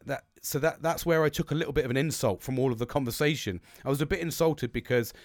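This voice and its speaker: A man's voice: medium pitch, fast, no room sound, studio quality. A middle-aged man, ranting in a sweary, rambling monologue with bursts of laughter. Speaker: podcast host.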